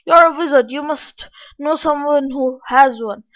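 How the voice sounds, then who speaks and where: A woman's voice: high voice, a little slow. A woman reading out the lines of an earnest young adventurer set on slaying a dragon. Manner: earnest, determined. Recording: dull lo-fi.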